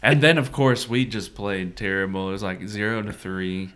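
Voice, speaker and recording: A man's voice: lowish voice, steady tone, moderate pace, a bit bright. A man co-hosting a church podcast, chatting casually and laughing often. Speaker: podcast co-host. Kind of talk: casual chat.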